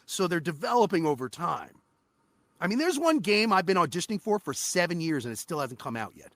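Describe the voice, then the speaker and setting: A man guesting on an interview podcast, a voice actor telling animated, profane stories about his work. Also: high-pitched, a little fast, no room sound. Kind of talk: casual interview chat.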